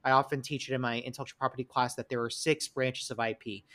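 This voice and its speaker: A man with a New York accent talks through a legal topic as a podcast co-host, unpacking details and dropping the odd pun. His voice sits in an ordinary middle pitch, and he reads quoted passages in a measured way. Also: flat delivery, a bit bright. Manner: punning, explanatory, reads quotes aloud. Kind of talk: casual legal chat.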